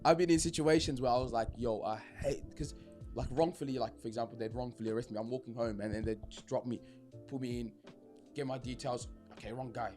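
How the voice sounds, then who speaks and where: A man's voice: mid-range voice, fairly even intonation, fast, a little mellow, faint music behind. A man, a podcast co-host, talking earnestly in casual chat and often asking "you know what I mean".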